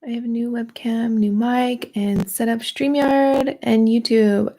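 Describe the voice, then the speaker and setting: Slow, gravelly-voiced woman chatting while crafting. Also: medium pitch. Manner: chatty, rambling and playful, greeting viewers while working. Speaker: art journaling livestream host. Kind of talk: casual livestream craft demo.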